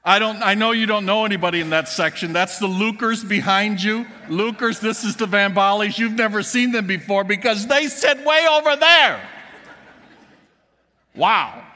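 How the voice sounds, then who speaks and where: Joking pastor with a high, bright voice. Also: male voice, normal speed. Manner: joking storytelling to the congregation. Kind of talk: sermon. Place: church sanctuary. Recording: church hall reverb.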